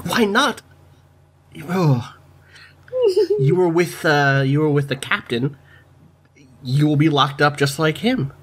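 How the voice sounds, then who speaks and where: A man's voice: a little high, animated, takes it slowly, long pauses, fairly bright tone, slight background noise. A man doing a hostile, torn pastry chef. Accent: French, put on.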